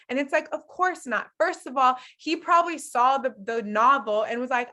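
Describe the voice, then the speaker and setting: A young adult woman teaching a relationship masterclass, candid and animated, laughing often as she coaches couples. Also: on the high side, fairly quick, few pauses.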